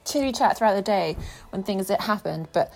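A woman's voice: mid-range voice, animated, a little fast, vocal fry, faint music behind. A young woman vlogging, telling her day in a chatty, sarcastic way. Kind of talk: casual chat.

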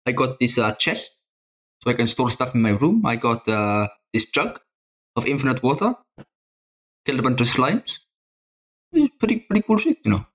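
A man's voice: mid-range voice, big pitch swings, normal speed, long pauses. A man playing a tabletop game, talking in character in a loose, hesitant way with many "uh"s and the odd swear. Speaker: player. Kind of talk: in-character tabletop role-play.

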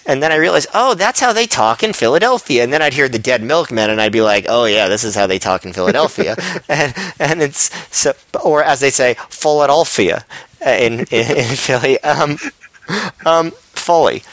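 A man's voice: mid-range voice, moderate pace, fairly bright tone, no room sound. Rambling man in dry close audio. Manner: rambling, many fillers and restarts. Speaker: podcast co-host. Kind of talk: casual chat.

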